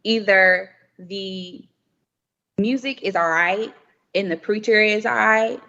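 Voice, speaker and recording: A young woman appears as a podcast guest, chatting casually, candidly and emphatically, laughing often. Her mid-range voice is pushed and bright, and she takes her time. The remote audio is muffled with long reverb.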